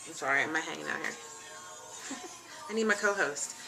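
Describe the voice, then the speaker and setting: A woman's voice: sits low, expressive, moderate pace, gravelly, music in the background. A young woman hosting her own casual web show from a chair at home, chatty, frank and joking, with plenty of ums and asides. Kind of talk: casual chat. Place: home room, seated in a leather chair.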